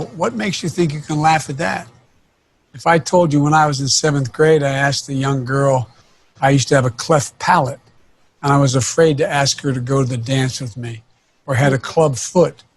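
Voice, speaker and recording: An older man who stutters, talking in a halting, paced way with many restarts as a panelist on a video call. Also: mid-range voice. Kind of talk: casual conversation on a video panel.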